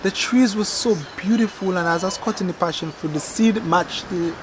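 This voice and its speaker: A man's voice: high voice, normal speed, noisy background. A man from Dominica with a Dominican accent, a gardening vlog host chatting casually and rambling animatedly to camera outdoors. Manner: rambling, animated storytelling with dramatic outbursts.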